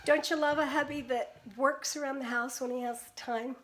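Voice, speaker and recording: A woman's voice: high-pitched, steady tone, moderate pace, fairly bright tone, a little hiss or hum. An older woman from the Pacific Northwest, a painter chatting casually with viewers on her live stream, greeting them by name and laughing often.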